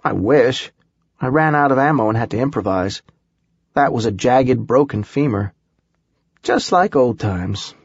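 A man's voice: mid-range voice, unhurried, breathy edge, dry recording, highs cut off. A man voicing a tough, sarcastic young woman survivor in an audiobook, blunt and wisecracking. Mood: wry.

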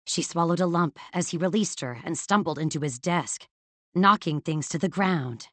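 Female audiobook narrator, low-set voice, measured dramatic reading, dry studio sound. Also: no echo. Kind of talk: scripted fantasy narration.

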